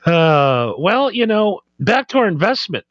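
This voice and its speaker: A man's voice: high-pitched, big pitch swings, a little slow, a bit bright, no echo, lo-fi sound. A man co-hosting a casual podcast, trading jokes and banter. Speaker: podcast co-host. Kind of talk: casual stoner chat.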